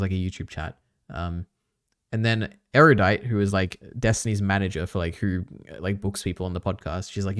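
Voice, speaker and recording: A man's voice: lowish voice, smooth, no room sound, studio quality. A man chatting casually on a live stream, reacting to clips and rambling with lots of filler words. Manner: rambling, many fillers, chatty asides to chat.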